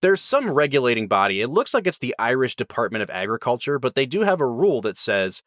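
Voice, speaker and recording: A man hosts a casual podcast, explaining at length with easy enthusiasm. His voice is mid-pitched. It sounds close and dry, with no room around it. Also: very animated, fast talker, a bit bright, no room sound. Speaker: podcast host.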